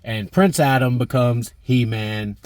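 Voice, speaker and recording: A man's voice: mid-range voice, slow pace, darkish tone, dry recording. A man in his thirties chatting enthusiastically about a movie as a vlog host, with plenty of fillers. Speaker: movie review vlogger. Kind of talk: casual chat.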